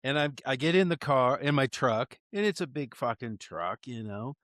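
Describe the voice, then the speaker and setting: A man's voice: medium pitch, expressive, moderate pace, a bit bright, dry recording, clean studio sound. A man co-hosting a podcast, telling a profane story in casual chat. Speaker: podcast co-host.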